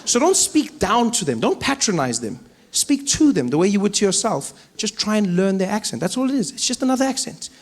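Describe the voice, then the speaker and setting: A South African man performing stand-up comedy, telling stories with lively accent impressions, on a theatre stage with a stage microphone. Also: high voice, a little fast, few pauses. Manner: animated storytelling with frequent accent impressions. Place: large theatre stage before a live audience.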